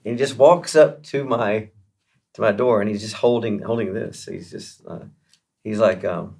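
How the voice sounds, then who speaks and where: Gravelly low-voiced man telling a story. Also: moderate pace. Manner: chatty, animated, lots of fillers and restarts. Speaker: guest musician. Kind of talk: casual interview storytelling.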